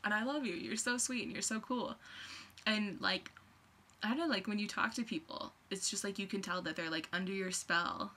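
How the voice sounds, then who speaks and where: A woman's voice: mid-range voice, moderate pace, bright, forceful tone, a little hiss or hum. A young woman rambling in a casual vlog, gushing and scattered, full of fillers. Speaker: vlogger.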